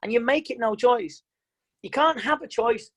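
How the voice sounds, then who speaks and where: A man coaching minds through an online motivational seminar talks over a video call in a forceful, straightforward, repetitive manner. His voice is very high and his speed normal, though the recording is rough.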